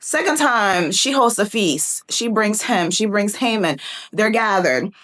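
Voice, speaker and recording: Fast-talking playful woman teaching the Bible. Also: medium pitch, expressive, a bit bright. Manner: fast, chatty and playful, dramatizes characters. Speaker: prophetic teacher.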